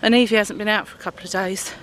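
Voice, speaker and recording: A woman's voice: fairly even intonation, rapid-fire, fairly bright tone, slight background noise. Chatty woman vlogging on a dog walk. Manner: chatty, rambling, talks to her dog in a high sing-song voice. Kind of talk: casual chat to camera. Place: outdoors walking a dog.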